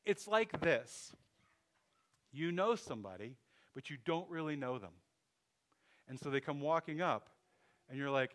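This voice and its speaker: Man, pastor, conversational sermon, restarts and asides, slightly high voice. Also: lively intonation, a little slow, long pauses, a bit bright.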